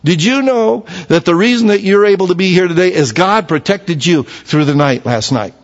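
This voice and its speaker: A man preaching a sermon, moving between hushed low lines and raised emphatic ones. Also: lively intonation, normal speed. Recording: dull sound with long hall reverb.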